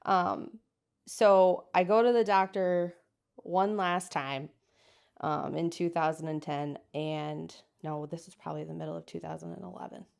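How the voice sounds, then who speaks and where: A woman in her thirties from the United States tells a personal story as an interview guest, in a deep, gravelly yet smooth voice at a measured pace. She's a lively storyteller who acts out the voices of the people she quotes.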